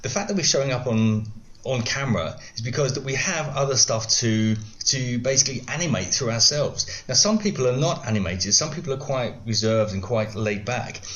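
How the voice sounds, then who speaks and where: Man, middle-aged, mid-pitched voice, explanatory, stop-start podcast talk. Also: animated, a little fast, a bit bright, lo-fi sound. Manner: explanatory, gives examples, frequent restarts. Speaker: guest, video coach.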